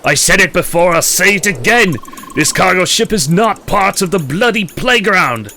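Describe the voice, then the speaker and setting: A man voicing an angry, blustering ship captain in a mixed put-on accent, shouting at intruders on his ship. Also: sits high, animated, moderate pace, vocal fry, full character voice. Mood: furious. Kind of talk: reading game dialogue in voices. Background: game music.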